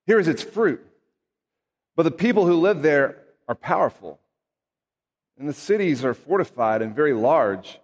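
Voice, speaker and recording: A man's voice: a little high, lively intonation, normal speed, pauses often, big-room sound. A man reading scripture aloud and then preaching in an earnest, conversational way with emphatic asides. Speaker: pastor.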